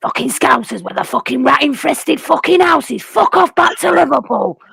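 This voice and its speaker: Woman doing a deep-voiced, ranting football fan. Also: sing-song, normal speed, vocal fry, dry recording, studio quality, full character voice. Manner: shouting, sweary.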